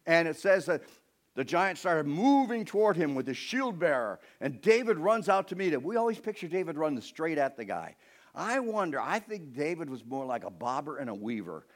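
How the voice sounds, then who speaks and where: Animated male preacher telling a story. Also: fairly high pitch, normal speed. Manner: animated storytelling, acting out scenes. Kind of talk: sermon.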